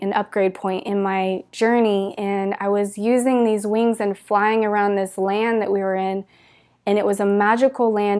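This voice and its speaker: A woman's voice: mid-range voice, mellow. Earnest woman telling a spiritual story. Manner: earnest, gushing storytelling with many "like" fillers. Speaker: spiritual teacher. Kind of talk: spiritual talk to viewers.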